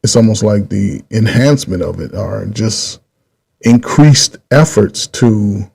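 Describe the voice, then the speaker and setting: A middle-aged man hosting his own channel, giving rambling casual commentary, repeating himself with drawn-out pauses. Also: lowish voice, creaky, darkish tone, breathy edge. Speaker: channel host.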